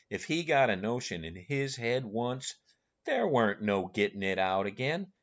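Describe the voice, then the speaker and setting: Man narrating a novel, folksy chatty tone, kinda muffled lo-fi audio. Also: medium pitch. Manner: folksy, conversational storytelling. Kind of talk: first-person novel reading.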